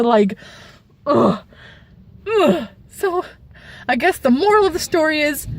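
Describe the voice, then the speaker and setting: A young woman vlogger tells a story in a casual, animated way, squealing and shrieking as she relives it. Her voice sits a little high.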